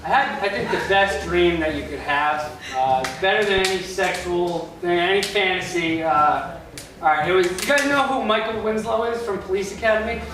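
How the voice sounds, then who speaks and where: A man's voice: sits high, normal speed. A young man doing a rambling stand-up comedy set in a club, loose and full of filler words. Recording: echoey club from a distance with noise.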